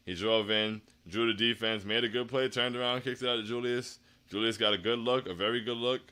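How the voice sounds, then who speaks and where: A man's voice: medium pitch, steady tone, fairly quick, sharp tone, smooth. Dejected man on a postgame stream. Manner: dejected, sighing, restarts often. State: down after a loss. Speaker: stream host. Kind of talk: postgame livestream reading chat comments.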